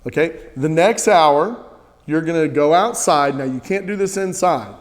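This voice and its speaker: A man's voice: fairly high pitch, moderate pace, long reverb tail. Earnest man leading a group chant. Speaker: spiritual teacher. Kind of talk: teaching a spiritual practice.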